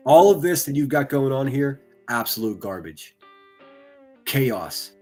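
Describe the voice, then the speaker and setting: A husky, mid-pitched man rants through a mocking reaction commentary, swearing freely. He sounds like a streamer tearing into a clip. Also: sing-song, unhurried, darkish tone, faint music behind. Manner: mocking, ranting, heavy swearing.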